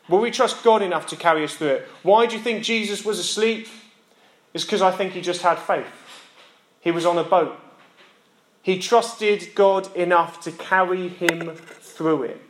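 A young man, a lay preacher who teaches physics, giving an earnest sermon that repeats its key lines for emphasis. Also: a little high. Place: church hall. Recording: echoey church room.

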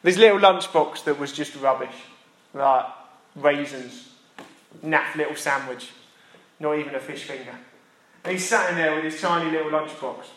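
A man's voice: on the high side, normal speed, pauses often, fairly bright tone. A man preaching a sermon in a chatty, self-deprecating way that builds to emphatic repetition, recorded in a church. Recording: roomy echo.

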